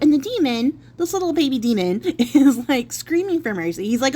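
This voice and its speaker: A woman's voice: high voice, big pitch swings, normal speed, hardly any pauses, warm tone. Chatty woman telling a folk tale. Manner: chatty, playful asides. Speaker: storyteller. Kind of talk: casual spoken storytelling.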